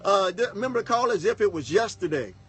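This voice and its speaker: A man's voice: sits high, expressive, fast talker, fairly bright tone, soft background music. A man, a pastor, telling a personal story in a folksy, casual way, often checking in with "okay?". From Texas. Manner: folksy, repeats "okay?" to the audience. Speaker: pastor and broadcast host.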